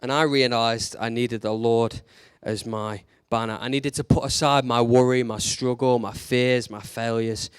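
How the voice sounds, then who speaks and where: A man's voice: mid-range voice, steady tone, measured pace, hardly any pauses, clear, resonant tone, no room sound. Male preacher, conversational sermon delivery, rhetorical questions, dry and upfront. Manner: conversational and candid, with rising emphatic questions.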